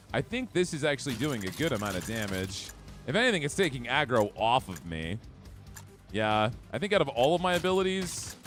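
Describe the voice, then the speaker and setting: A man's voice: medium pitch, fairly bright tone. A man live-streaming a video game, chatting with his viewers and reacting to play. He talks in a chatty way, reads chat aloud, laughs often and has hiccups. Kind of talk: live gameplay commentary.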